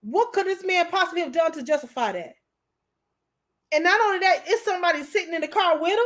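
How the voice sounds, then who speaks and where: High-voiced woman hosting a livestream. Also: expressive, fast, a bit bright. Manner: emotional, candid, talks straight to viewers. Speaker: YouTube show host. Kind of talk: casual commentary livestream.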